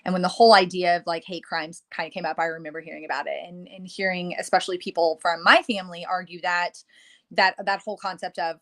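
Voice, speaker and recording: A woman's voice: fairly low pitch, steady tone, normal speed, a bit bright. Frank woman in her thirties. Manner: frank, laughs easily, reflective. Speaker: podcast co-host. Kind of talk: casual chat.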